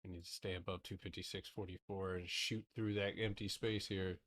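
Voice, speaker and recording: Young male trading streamer, loose and profane live chart talk, low-ish forceful voice. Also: a little fast. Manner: casual, profane, excitable, talks in broken half-sentences.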